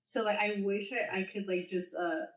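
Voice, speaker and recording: A woman's voice: medium pitch, steady tone, moderate pace. Rambling woman in an echoey room. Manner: rambling, self-deprecating, laughs while talking. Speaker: therapist and podcast co-host. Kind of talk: casual podcast chat.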